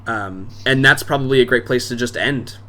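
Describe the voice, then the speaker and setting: A man's voice: medium pitch, moderate pace, sharp tone. A man narrating as game master in a casual, filler-heavy way.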